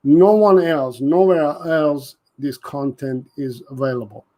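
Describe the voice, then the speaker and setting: A man's voice: a little high, slow pace, dark tone. A man hosting a live dog-training Q&A, talking earnestly and often restarting his sentences. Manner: earnest, repeats and restarts, reads out viewer comments. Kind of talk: casual live-stream Q&A.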